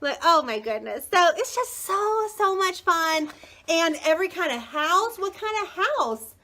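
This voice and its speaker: A woman's voice: very high voice, big pitch swings, a little slow, pushed and bright. A woman in her thirties hosting a chatty live video as a book seller, bubbly and gushing, greeting viewers by name. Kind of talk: chatty live product showcase.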